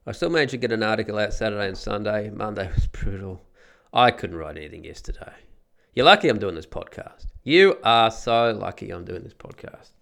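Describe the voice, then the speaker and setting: A middle-aged podcast host with a gravelly, creaky voice, talking through a head cold. He rambles through a profane story, his pitch swooping up and down, and he keeps the tone loose and conversational. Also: animated, brisk, a bit bright. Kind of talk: casual podcast monologue.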